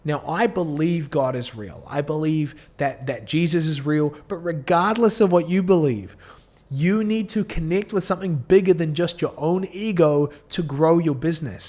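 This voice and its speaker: Speaking to camera in an indoor setup, a man in his thirties with a New Zealand accent delivers a motivational talk as a business coach. His slightly high, mellow voice sounds earnest and preachy, with frequent restarts and light laughs.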